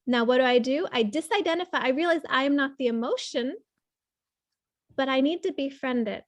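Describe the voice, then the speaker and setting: A woman trauma coach guiding a client in a coaching session, speaking gently and earnestly, as if over a video call. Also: sits high, brisk, no room sound. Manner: gentle, tender, earnest explaining.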